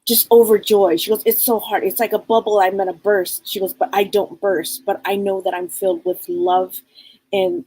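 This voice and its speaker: A woman psychic medium on a live show, passing on messages in a halting, repetitive way and speaking them in the first person. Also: mid-range voice, a little mellow, slightly rough, no echo, poor audio.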